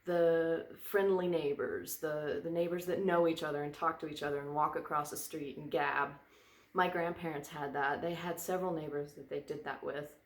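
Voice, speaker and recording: A woman's voice: low-pitched, fairly even intonation, moderate pace, echoey room. A woman vlogger chatting casually, rambling and drifting onto tangents. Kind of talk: casual chat. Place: indoor room by a fireplace.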